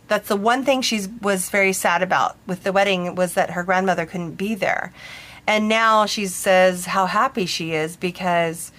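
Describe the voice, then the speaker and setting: A woman hosting her own podcast, telling a story in a rambling, chatty way full of fillers and restarts. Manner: lively, jumps high in pitch when quoting people. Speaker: podcast host, bridal tailor. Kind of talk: casual storytelling monologue.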